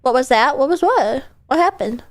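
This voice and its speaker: A young woman streamer chatting over gameplay, bubbly and giggly. Her high voice bounces all over the place as she talks. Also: expressive, normal speed. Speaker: VTuber streamer. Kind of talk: casual gameplay commentary.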